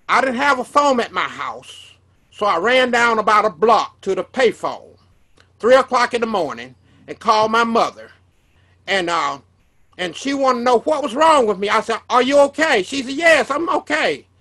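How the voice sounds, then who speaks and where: This man's voice is high, bright, and forceful. As a preacher, he earnestly shares a personal testimony in sermon form, frequently restarting and repeating his words.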